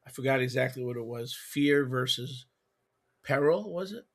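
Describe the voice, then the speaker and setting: A man's voice: medium pitch, lively intonation, moderate pace. Affirming man in a faith discussion. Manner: affirming, echoes and sums up the other speaker. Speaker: co-host. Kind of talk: religious discussion.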